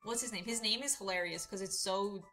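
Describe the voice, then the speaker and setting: A woman's voice: medium pitch, a little fast, pushed and bright, soft background music, poor audio. A young woman streamer chatting while doing a craft, rambling through a story, swearing freely and laughing at her own telling. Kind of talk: casual chat while crafting.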